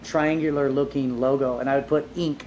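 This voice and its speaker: A man being interviewed, telling his life story in a casual, animated way, with lots of "like" fillers and casual swearing. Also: mid-range voice, normal speed, a little hiss or hum. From Southern California. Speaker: entrepreneur guest.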